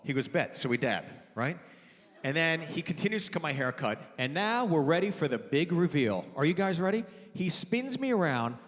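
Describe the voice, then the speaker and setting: Stand-up comic, slightly high voice. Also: male voice, big pitch swings, moderate pace, big-room sound. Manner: conversational storytelling, acting out both sides of dialogue. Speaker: stand-up comedian. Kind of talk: stand-up comedy set. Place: theater stage before a live audience. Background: audience laughter.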